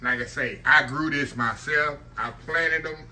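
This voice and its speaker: Bright, chatty man cooking. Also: fairly high pitch, unhurried. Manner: chatty, keeps saying "y'all". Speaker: home cook channel host. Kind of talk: casual cooking demo. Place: home kitchen, frying on the stove. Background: frying sizzle.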